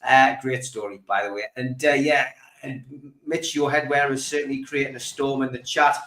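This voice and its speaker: A man hosting a football fan podcast, relaxed, reading out chat comments with lots of fillers. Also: mid-range voice, moderate pace, reverberant, low-quality recording. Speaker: host.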